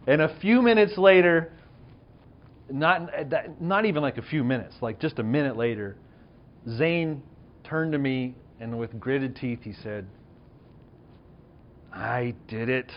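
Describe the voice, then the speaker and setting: In a muffled recording, a pastor in his thirties shares a personal story through a conversational sermon, poking fun at himself and asking his listeners questions. His voice is fairly high, expressive, and a bit unhurried.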